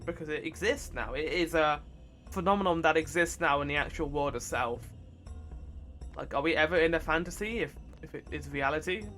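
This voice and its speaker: A chatty man with a bright, forward voice talks his way through a game, reacting and musing aloud. He sits a little higher than most men in pitch, with soft game music behind him. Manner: chatty, excitable, thinks aloud. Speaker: let's play host. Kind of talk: casual gameplay commentary.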